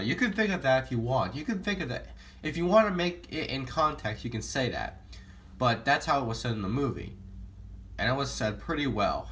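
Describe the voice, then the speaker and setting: A man's voice: medium pitch, a bit bright. Young male vlogger, mid-range voice, eager and rambling, casual delivery. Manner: enthusiastic, rambling, self-corrects often. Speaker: movie vlogger. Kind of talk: casual movie talk to camera.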